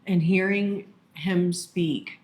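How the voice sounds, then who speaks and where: A woman's voice: lowish voice, fairly even intonation, very slow, a little mellow. A woman co-hosting a casual podcast with her husband, telling stories in an earnest, emphatic way. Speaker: podcast co-host. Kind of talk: casual conversation.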